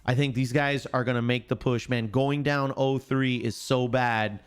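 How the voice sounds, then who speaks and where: A man's voice: medium pitch, fairly even intonation, normal speed, clear, resonant tone. A man hosting a casual live-stream sports show, chatting straight to his viewers and making confident, emphatic predictions.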